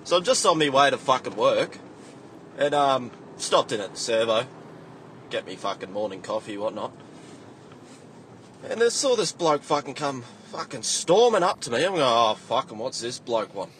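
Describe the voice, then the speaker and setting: A man's voice: mid-range voice, big pitch swings, normal speed, pauses often, fairly bright tone, a little hiss or hum. A man leaving a ranting voice message, swearing constantly as he tells a story. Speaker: caller sending a voice message. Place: in a car on the way to work.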